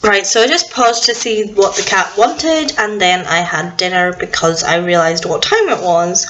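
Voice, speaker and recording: A woman's voice: lowish voice, normal speed, muffled recording, background noise. A young woman vlogging at home in casual, rambling chat, a little self-deprecating about what she can't do. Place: at home indoors.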